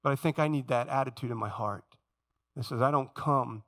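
A man preaching a sermon as pastor, swinging from loud emphasis to hushed, intimate confession. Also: mid-range voice, a little fast.

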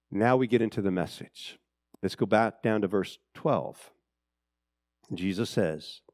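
A middle-aged man preaching a sermon, asking the congregation for amens and swinging between loud, raised emphasis and low, quiet asides. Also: no echo, clean studio sound. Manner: preaching with call-and-response, asks for amens. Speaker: pastor.

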